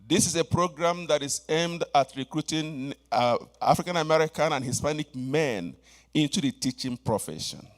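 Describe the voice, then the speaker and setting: A man's voice: fairly high pitch, expressive, normal speed. Earnest man giving a program update. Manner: earnest and informative, thanking guests. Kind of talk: formal speech at a reception.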